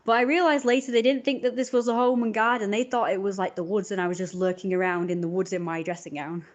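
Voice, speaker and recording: A woman's voice: mid-range voice, fairly even intonation, fast, muffled recording. A woman on a live stream, telling a long rambling story in an indignant tone.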